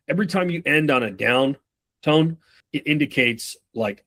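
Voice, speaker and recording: A man's voice: on the high side, animated, normal speed, fairly bright tone. A man in his thirties giving a casual, profanity-laced sales training talk, acting out short bits of customers and reps as he goes.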